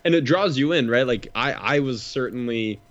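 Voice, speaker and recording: A wry male podcast co-host with a mid-range pitch, joking and swearing casually as he talks about a film. His voice comes through a slightly dull, lo-fi microphone. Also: expressive, normal speed, fairly bright tone. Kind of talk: casual chat.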